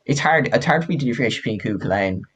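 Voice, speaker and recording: Animated, foul-mouthed guy. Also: medium pitch, rapid-fire, husky. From Ireland. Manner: animated, profane, laughing often. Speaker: podcast co-host. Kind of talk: casual storytelling chat.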